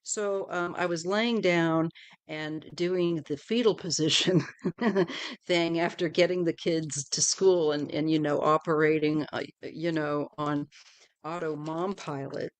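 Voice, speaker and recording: A middle-aged woman talks casually through a live tarot stream. She rambles from one thought to the next, and her voice often drops off softly at the ends of phrases. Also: deep voice, steady tone, unhurried, smooth. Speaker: tarot reader hosting a livestream. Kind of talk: casual livestream chat.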